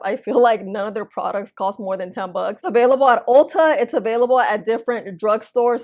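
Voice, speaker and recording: Young woman, beauty vlogger, bright higher voice, chatty, eats while talking, casual home recording. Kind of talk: casual chat to camera. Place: indoors at home by a window.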